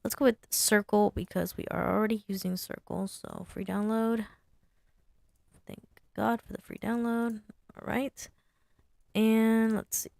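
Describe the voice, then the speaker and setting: Gravelly woman muttering through a design walkthrough. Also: mid-range voice, no room sound. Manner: thinks aloud, muttering to herself while working. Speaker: sign designer. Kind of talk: casual screen-share design walkthrough.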